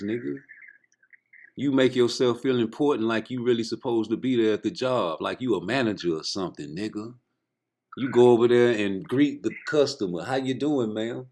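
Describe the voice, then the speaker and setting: A man's voice: fairly low pitch, a little mellow. Insistent man coaching in casual banter. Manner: coaching, insistent, repeats himself.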